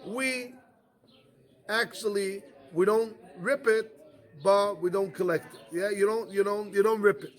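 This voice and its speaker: A man's voice: high voice, fairly even intonation, a little slow. A man, a rabbi giving a yeshiva Talmud lecture, who keeps asking rhetorical questions and often repeats and restarts his phrases. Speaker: rabbi teaching a Talmud class.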